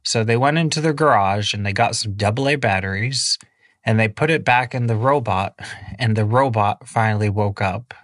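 Male storyteller, low voice, loose improvised kids' tale, dry sound. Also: moderate pace, a bit bright, no room sound. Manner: casual, many fillers, rambling. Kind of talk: improvised children's bedtime story.

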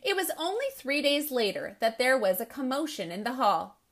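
A woman reading a children's story aloud in a gentle, expressive storybook manner. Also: high-pitched, moderate pace.

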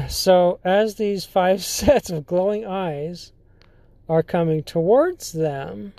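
Podcast host, casual storytelling, slow halting delivery, mellow tone, dry close sound. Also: mid-range voice, no room sound. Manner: halting, filler-heavy, often restarts sentences.

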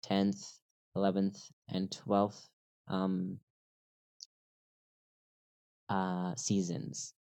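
A man's voice: low-pitched, monotone, drawn-out words, creaky, warm tone. A man with an American accent, an interview guest in casual conversation, upbeat and repeating phrases to help a learner follow. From United States.

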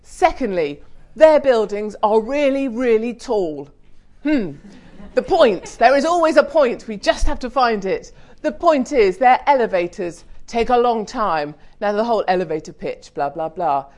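A middle-aged British woman speaking on a business panel, blunt and humorous, growing more animated as she urges the audience on. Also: on the high side, measured pace. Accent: British English. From United Kingdom. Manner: blunt, energetic, humorous, mildly swearing. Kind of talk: lively panel talk to an audience.

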